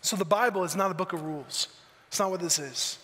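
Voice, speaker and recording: Casting: male pastor, earnest conversational sermon, bright forceful tone, echoing church hall. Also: high voice, fairly quick. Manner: earnest, conversational preaching with rhetorical questions. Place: church auditorium. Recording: long church hall reverb.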